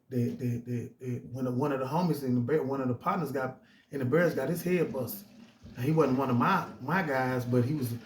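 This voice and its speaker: A man's voice: medium pitch, a little hiss or hum. A middle-aged man telling his own story in casual, emphatic street slang, often restarting his phrases. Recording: roomy echo.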